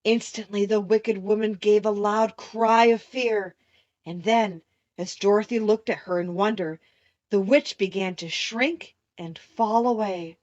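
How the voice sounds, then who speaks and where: A woman reading a children's classic aloud as an audiobook narrator, steady and clear. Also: medium pitch, measured pace, no room sound, lo-fi sound. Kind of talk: scripted storybook narration.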